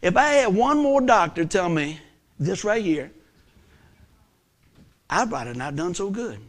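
High-voiced, animated preacher. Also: male voice, unhurried. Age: 50s. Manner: animated, swinging from loud to hushed, folksy. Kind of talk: sermon storytelling.

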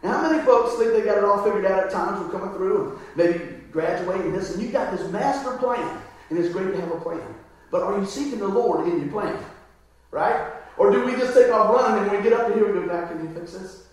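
In an echoey church hall, a high-pitched male pastor preaches fairly quickly and conversationally. He keeps asking the congregation "right?", and his voice sounds far away.

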